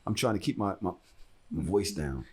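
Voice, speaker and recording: A man's voice: low-pitched, moderate pace, slightly rough. A young man hosting a podcast, telling a story in casual chat, profane and acting out the voices of the people in it. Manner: animated, profane, swings into loud acted-out quotes. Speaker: podcast host.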